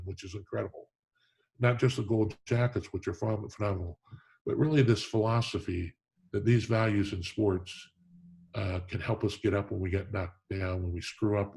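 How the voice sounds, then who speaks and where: A middle-aged man, president of a hall of fame, tells stories in a conversational interview. His voice is lowish with a breathy edge, and his storytelling is earnest and warm, though he often restarts his sentences.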